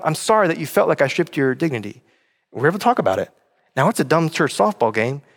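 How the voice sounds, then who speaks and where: Male pastor, high voice, conversational sermon, long hall reverb. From North Carolina, USA. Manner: conversational, addresses listeners directly with frequent check-in questions.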